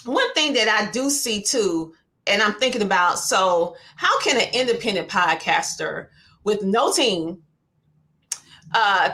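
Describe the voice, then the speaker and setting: A woman with a Southern US twang hosts a podcast interview in a lively, playful way. Her voice is bright and forward, with expressive swings as she talks. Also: mid-range voice. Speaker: podcast host. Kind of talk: conversational interview.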